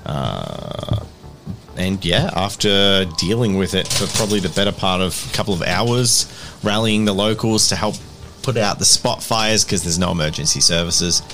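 A man's voice: deep voice, animated, normal speed, over music. A man narrating as game master of a streamed tabletop game, recapping the story in a chatty, joking way.

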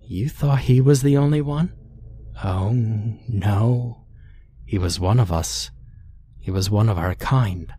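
A man's voice: lowish voice, slow, warm tone, breathy edge. A man voicing a gleeful cannibal clown woman. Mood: gleeful menace. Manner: teasing, gleeful menace. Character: sadistic playful female cannibal clown.

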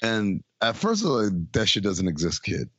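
A man's voice: lowish voice, wildly swooping pitch, normal speed, a bit bright, dry recording, highs cut off. Playful man on a movie podcast. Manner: playful, acts out quoted lines. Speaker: podcast co-host. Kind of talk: casual movie podcast chat.

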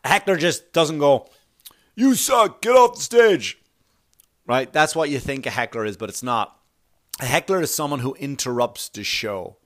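Brief: a man in the middle pitch range hosting a podcast, ranting bluntly with plenty of swearing. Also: moderate pace, a bit bright. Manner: blunt, profane, opinionated ranting. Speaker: podcast host. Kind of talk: casual podcast monologue.

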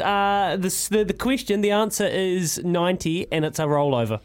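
A man co-hosting radio, brisk as he wraps up and announces prizes. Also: sits high, clean tone. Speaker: radio co-host.

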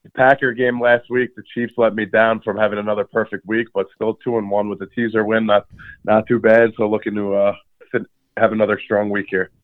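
A hoarse man who has lost some of his voice, giving sports betting picks in relaxed, thinking-aloud chat. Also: fairly low pitch, a little fast, dry recording. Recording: phone line.

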